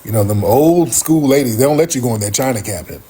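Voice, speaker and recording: Middle-aged man, husky voice, lively swooping delivery, profane rambling storyteller, casual livestream host. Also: mid-range voice, fast. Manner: animated, profane, rambling with restarts.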